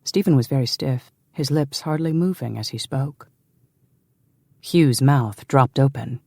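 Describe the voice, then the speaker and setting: A historical romance audiobook is narrated by a man at medium pitch, reading the script in an even, measured manner. The recording is dry and studio clean.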